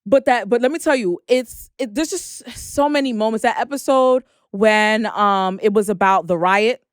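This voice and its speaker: A young woman chats as a podcast co-host with a smooth, clear, fairly high voice. She talks in an animated way and acts out her own reactions as she goes. The sound is close and dry. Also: normal speed, no echo. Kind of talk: casual chat.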